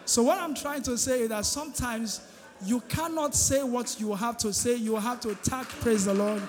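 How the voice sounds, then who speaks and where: A man's voice: very high voice, normal speed, background noise. A man preaching a sermon as pastor, emphatic and drawing responses from the congregation. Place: large church hall. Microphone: handheld microphone. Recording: long hall reverb, faint music.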